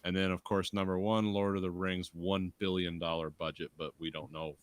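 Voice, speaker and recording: Deep-voiced male podcaster, dry close sound. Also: little pitch movement, normal speed, no room sound. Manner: reels off facts with hesitant fillers. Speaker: podcast co-host. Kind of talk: casual chat.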